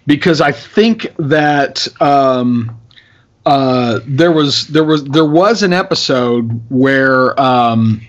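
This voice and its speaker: A man's voice: medium pitch, takes it slowly. A man co-hosting a podcast in casual chat, answering in a hesitant way. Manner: hesitant, filler-heavy replies. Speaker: podcast co-host. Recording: dull lo-fi podcast audio.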